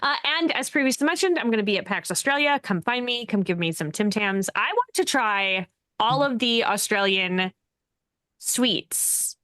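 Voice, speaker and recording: A woman's voice: fairly high pitch, lively intonation, normal speed, sharp tone, no echo, clean studio sound. Bubbly giggly woman hosting a game stream. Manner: giggly, self-deprecating, bubbly. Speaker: game master and host. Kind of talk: casual chat, show outro.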